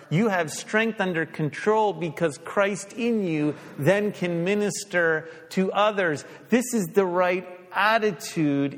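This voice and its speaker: A man preaching a sermon as pastor, emphatic, putting questions to the congregation and dropping his voice low to stress a point. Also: big-room sound.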